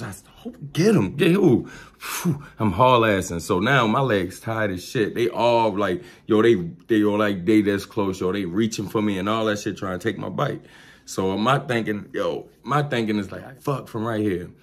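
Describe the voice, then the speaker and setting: A young man spins a story in a low, casual voice. He talks loose and slangy, swears freely and punches the action with his own sound effects. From Baltimore. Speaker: vlogger. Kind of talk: storytime vlog.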